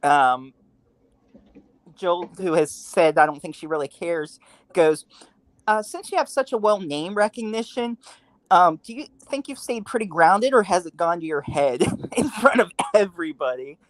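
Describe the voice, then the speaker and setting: Male panelist, chatty raconteur; animated, quote-heavy delivery; dry close mic. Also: sits high, unhurried, no room sound. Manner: animated storyteller, acts out quotes. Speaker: podcast panelist. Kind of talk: casual storytelling chat.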